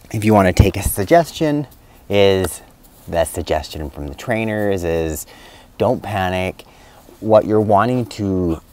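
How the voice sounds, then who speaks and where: Middle-aged male vet, low voice, loose and chatty with many fillers and restarts. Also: a little mellow. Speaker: veterinarian. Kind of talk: casual spoken advice video.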